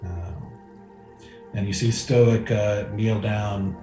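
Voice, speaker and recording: A man's voice: on the low side, steady tone, drawn-out words, warm tone. Guy running a tabletop game, talks in circles with lots of likes and uhs, echoey room. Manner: rambling, many fillers and restarts. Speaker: game master. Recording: echoey room with faint music.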